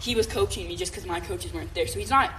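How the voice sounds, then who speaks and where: A young woman co-hosting a podcast, telling a long story in a casual, animated, rambling way with lots of fillers and "right?" checks. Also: on the low side, fast, slight background noise. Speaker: podcast co-host.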